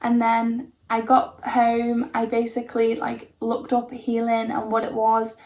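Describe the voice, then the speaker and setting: Woman with a creaky, flat voice. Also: on the high side. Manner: rambling, full of likes and ums. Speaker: vlogger telling her own story. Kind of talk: casual storytelling to camera.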